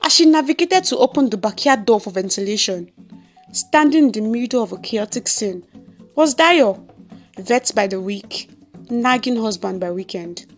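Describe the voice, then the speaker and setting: A woman's voice: on the high side, animated, normal speed, soft background music. Nigerian woman narrating a story.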